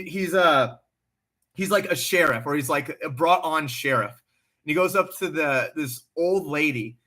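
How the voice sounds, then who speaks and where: Male livestream host, bright forceful tone, blunt and animated, swears freely, casual off-the-cuff chat. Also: on the high side.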